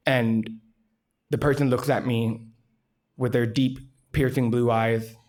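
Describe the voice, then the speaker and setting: A man of average pitch tells a true story from his own life on a storytelling stage. His delivery is candid and self-deprecating, with wry asides dropped along the way. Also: darkish tone. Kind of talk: live personal storytelling.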